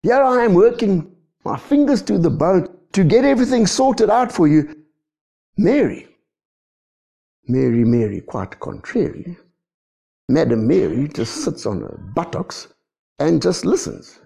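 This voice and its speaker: A man's voice: sits high, sing-song, measured pace, vocal fry, pauses often, warm tone, pitched above the performer's own voice, heavily acted. A preacher voicing an overworked woman complaining indignantly about her idle sister.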